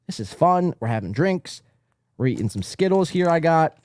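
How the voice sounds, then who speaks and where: Man, podcast host, profane mock-outrage rant, fairly high voice, dry close sound. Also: big pitch swings, normal speed, a little mellow, dry recording. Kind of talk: ranting podcast monologue.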